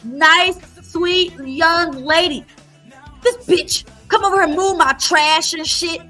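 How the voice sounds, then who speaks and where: A woman's voice: very high-pitched, fairly even intonation, slow pace, sharp tone, faint music behind. A woman hosting a livestream, talking in a blunt, profane, repetitive rant. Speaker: livestream host.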